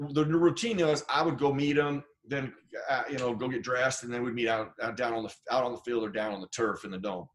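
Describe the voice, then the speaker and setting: A middle-aged man from Idaho, a former football player telling stories from his career as an interview guest, animated and acting out the people he quotes. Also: medium pitch. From Idaho, USA. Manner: animated storyteller, acts out quoted voices. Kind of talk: casual storytelling interview.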